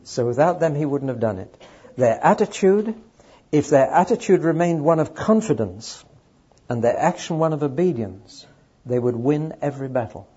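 A man's voice: a little high, expressive, normal speed, mellow, husky, highs cut off. A man preaching a sermon to a live audience, emphatic and speaking straight to the listeners. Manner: emphatic, addresses audience directly.

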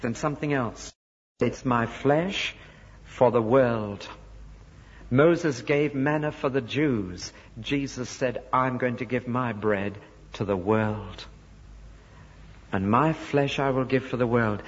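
A man's voice: medium pitch, a little slow, breathy edge. A man preaching a sermon, explaining scripture and voicing the people he quotes. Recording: dull recording in a large reverberant hall.

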